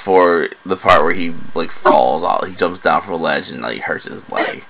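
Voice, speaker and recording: A man's voice: sits low, normal speed, creaky, phone-quality sound, heavy background noise. A man co-hosting a podcast, chatting casually and jokingly about a movie, swearing and teasing his co-host. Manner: joking, swearing, mock voices.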